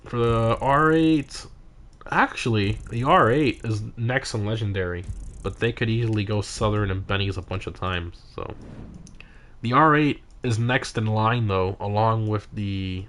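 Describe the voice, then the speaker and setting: A man hosting a casual gaming livestream, reacting loudly to races and chatting with viewers; he sounds tired. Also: lowish voice, a little slow, a little hiss or hum. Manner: excitable, frequent exclamations during races. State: tired, yawning. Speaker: livestream host of game car meets.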